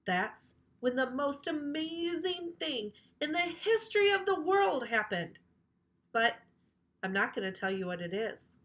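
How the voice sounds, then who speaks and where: Playful, bright children's librarian reading aloud. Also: female voice, on the high side. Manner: animated, playful, teasing. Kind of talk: children's storybook read-aloud.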